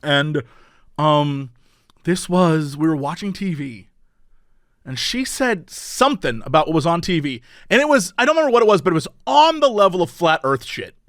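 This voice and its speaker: A man in his thirties co-hosts a comedy podcast, joking and laughing often in casual conversation. His voice is a little high and fairly bright, with big pitch swings at normal speed, captured as clean studio sound with no room noise.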